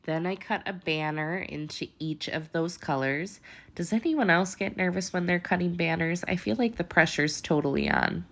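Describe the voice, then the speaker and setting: A woman with a low voice and a stuffy, allergy-clogged nose walks viewers through a craft project. She keeps it chatty and upbeat, as if talking to friends. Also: normal speed, creaky, fairly bright tone. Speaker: papercraft tutorial host. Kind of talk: casual crafting tutorial.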